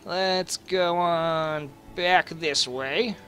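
A man's voice: on the high side, extremely slow, fairly bright tone, soft background music. A man casually commenting on his own gameplay, sarcastic and crude. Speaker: gaming video host.

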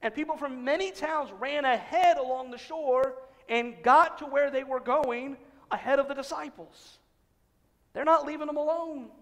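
A male pastor preaching a sermon in a church sanctuary, conversational, acting out quotes and dropping to hushed emphasis. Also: very high voice, normal speed. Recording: long church reverb.

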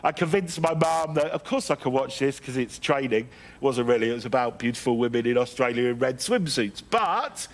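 English guy preaching, middle-aged, tells stories w/ jokes, kinda high voice, trips over his words a bit. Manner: storytelling with self-deprecating humour and frequent restarts. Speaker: guest preacher. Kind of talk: sermon.

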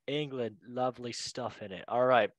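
A man hosting a casual chat, playful and joking with quick asides. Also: mid-range voice, steady tone. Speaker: host.

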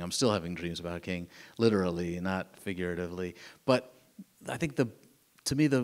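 Earnest low-voiced man telling stories. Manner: earnest, animated storytelling with fillers and restarts. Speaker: author. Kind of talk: live author talk, answering a moderator. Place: museum event room with audience.

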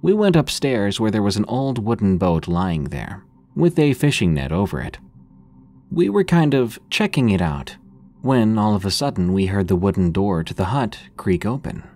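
A man narrating horror stories in a calm, measured, scripted reading. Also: fairly low pitch.

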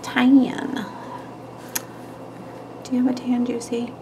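A woman's voice: a little high, completely flat delivery, takes it slowly, mellow, slight background noise, low-quality recording. Chatty woman doing a nail tutorial. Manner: chatty, giggly, talks while working. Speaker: nail art tutorial host. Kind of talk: casual tutorial narration.

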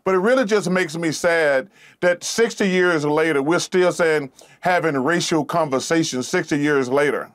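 A man's voice: fairly high pitch, moderate pace. A man, a talk-show guest speaking earnestly and repeating words as he searches for them. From Alabama. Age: 50s.

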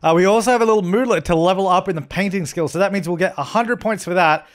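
A man's voice: sits high, quick pace. A young man from Australia, hosting a gaming channel, chatting casually and jokingly bossing around his game characters as he plays. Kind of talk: casual let's-play commentary.

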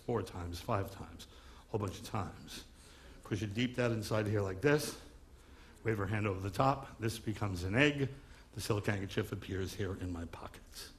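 A man's voice: mid-range voice, fairly bright tone, slight background noise. A man from Long Island doing a stand-up comedy magic act, wisecracking patter on stage before a live audience. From Long Island, New York.

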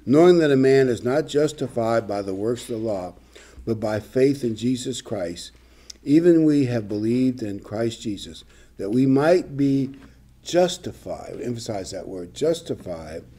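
A man's voice: mid-range voice, mellow, husky. An older man preaching a sermon, reading scripture and adding conversational, humorous asides. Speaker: pastor.

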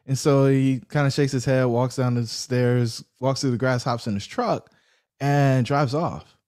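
Animated storytelling man with mellow voice. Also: medium pitch, unhurried. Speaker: guest, real estate investor. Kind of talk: storytelling interview.

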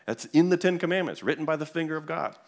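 A man with a slightly high, creaky voice talks fast as he tells an anecdote to an audience at a church event. He uses many fillers and keeps restarting.

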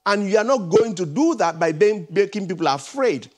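A man's voice: high voice, lively intonation, moderate pace. A Nigerian man speaking as an analyst on a TV panel, earnest, with frequent stumbling restarts. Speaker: analyst guest. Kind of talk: TV panel discussion. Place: TV studio.

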